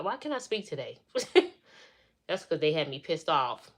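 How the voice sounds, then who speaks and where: A woman's voice: sits low, very animated, measured pace. A middle-aged woman chatting on a live stream, venting as she retells family drama in a casual way.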